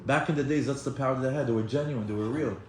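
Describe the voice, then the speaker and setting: A man teaching a Torah class in an animated way, acting out quoted voices and often restarting his sentences. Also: mid-range voice, fast, a little hiss or hum. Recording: echoey room with faint ambience.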